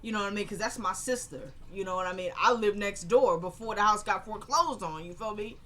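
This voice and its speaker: A young woman talks through a TV episode in a loose, conversational vlog style. She is chatty and opinionated, and she keeps checking in with her viewers through quick tag questions. Her voice sits at an ordinary middle pitch for a woman. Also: a bit bright. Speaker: TV episode recapper. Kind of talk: casual recap chat.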